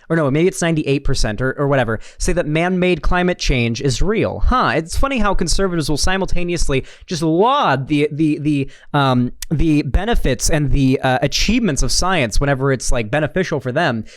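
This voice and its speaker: A man's voice: medium pitch, normal speed, no room sound, clean studio sound. A young man hosting a political reaction video, talking in a sarcastic, rambling way with many restarts. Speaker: political commentary host. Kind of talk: reaction commentary.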